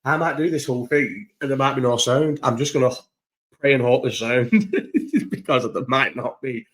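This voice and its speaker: A man's voice: mid-range voice, expressive, normal speed, fairly bright tone. A young man chatting at home in a laid-back vlog, with a mid-range voice. He rambles, swears casually and keeps restarting his thoughts as he goes. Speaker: vlogger. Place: at home, indoors. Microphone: own recording setup, maybe not through the microphone.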